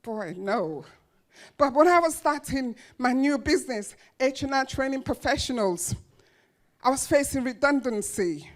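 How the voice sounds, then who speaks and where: A woman giving a motivational speech to an audience, telling her life story with emphatic, dramatic pauses and repeated phrases. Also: high-pitched, expressive. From grew up in a children's home. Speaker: motivational speaker.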